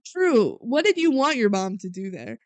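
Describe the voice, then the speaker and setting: A woman's voice: on the high side, sing-song, moderate pace, no echo. A woman co-hosting a podcast, casually recapping a movie scene by scene, with fillers and a habit of trailing off. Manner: retells scenes with filler words, often trails off quietly. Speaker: podcast co-host.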